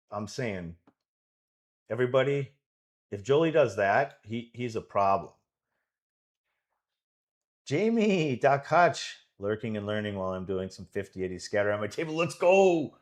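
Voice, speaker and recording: Low-voiced man commentating pool. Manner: enthusiastic, rambling, with fillers and restarts. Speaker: pool coach commentating a livestream. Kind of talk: live match commentary. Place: pool club.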